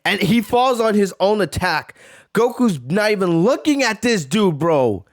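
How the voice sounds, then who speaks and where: Excitable high-voiced man reacting. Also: a little slow. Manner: excitable, slangy. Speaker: reaction video host. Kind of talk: live reaction commentary.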